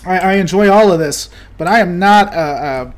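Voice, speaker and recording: A high-pitched man talks loosely as he hosts a game stream. He reads out viewer comments and jokes around as he plays. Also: normal speed. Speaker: livestream host. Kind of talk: casual chat while gaming.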